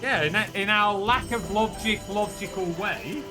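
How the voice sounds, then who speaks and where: A man's voice: high-pitched, normal speed. A young man with a Yorkshire accent, chatting casually and giggling self-deprecatingly with viewers during a game live-stream. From northern England. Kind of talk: casual live-stream chat while gaming. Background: game music.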